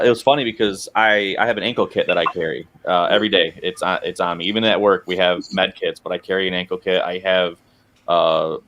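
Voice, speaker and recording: A man with a low, deep voice chats casually on a podcast. He rambles through personal anecdotes in a relaxed way. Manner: rambling anecdotes with acted quotes. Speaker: podcast co-host. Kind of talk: casual chat, storytelling.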